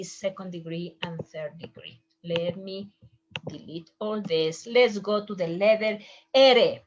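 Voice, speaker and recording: A woman whose first language is Spanish, teaching medical Spanish terms slowly, repeating each word twice and explaining as she draws. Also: medium pitch. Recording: dull lo-fi sound.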